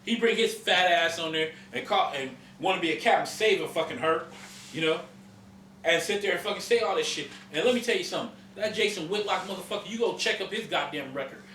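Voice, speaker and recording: Dude ranting and cussing on a podcast, high bright voice, echoey room, mic kinda far off. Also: male voice, brisk, slight background noise. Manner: profane, ranting, emphatic. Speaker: podcast host. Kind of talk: heated casual chat.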